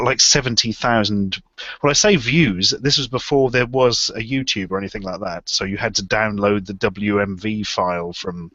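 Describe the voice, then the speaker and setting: Low, bright-voiced man. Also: dry recording. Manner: swearing, self-mocking, rambling. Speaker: panelist on live stream. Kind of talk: casual storytelling. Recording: dull lo-fi live stream audio.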